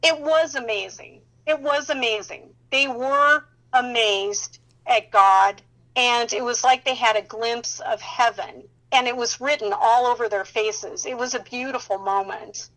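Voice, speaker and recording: A fairly high-voiced woman tells her faith testimonies with lively emphasis. She laughs often between phrases and keeps turning to the listener with quick check-ins. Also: rough recording. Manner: animated, emphatic, laughs often while talking; addresses listener directly with "okay?" and "you know".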